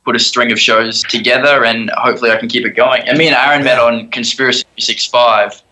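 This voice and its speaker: A man's voice: medium pitch, steady tone, fast, pushed and bright, poor audio. A young Australian man in his twenties, a guest actor chatting casually and laughing often over a video call. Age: 20s. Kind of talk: casual interview chat.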